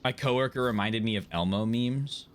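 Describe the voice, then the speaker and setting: A man's voice: mid-range voice, moderate pace, slight background noise. A man chatting casually on a live game stream, joking, swearing and laughing often. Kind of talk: casual live-stream chat while gaming.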